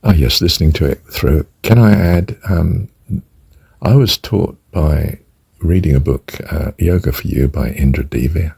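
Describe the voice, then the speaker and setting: Very deep gravelly older man, husky. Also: measured pace, no echo. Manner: soft-spoken, drifts into whispered counting. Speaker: breathing teacher. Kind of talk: spoken meditation instruction.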